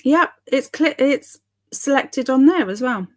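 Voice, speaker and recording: Young woman, live-stream host, unhurried, light upper voice, casual bemused chat with viewers. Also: sits high, expressive, a little mellow. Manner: chatty, giggly and bemused. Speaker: livestream host.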